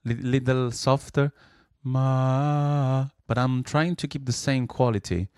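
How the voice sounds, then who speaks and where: Smooth-voiced man teaching singing. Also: mid-range voice, fairly even intonation, normal speed, no echo, clean studio sound. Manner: demonstrates with sung syllables between explanations. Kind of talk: vocal lesson with sung exercises.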